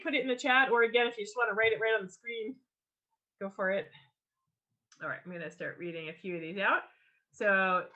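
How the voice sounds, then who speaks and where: A woman leading an online writing workshop over a video call, teaching in a lively, enthusiastic way with frequent ums and restarts. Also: medium pitch, dull audio. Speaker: workshop leader.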